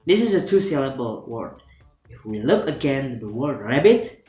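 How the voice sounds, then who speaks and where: A man reads a phonology lesson aloud as a student presentation. His delivery is steady and scripted, with the odd stumble and restart. The room gives his voice a roomy echo, and faint music plays underneath. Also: medium pitch, moderate pace. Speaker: student presenting a class assignment.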